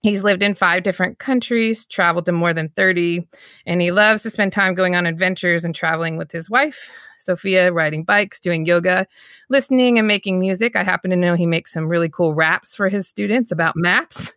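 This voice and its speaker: A woman's voice: lowish voice, normal speed, fairly bright tone, no echo, clean studio sound. A woman hosting a podcast, giving a cheerful, chatty introduction and asking questions, laughing easily. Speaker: podcast host. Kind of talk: upbeat podcast interview introduction.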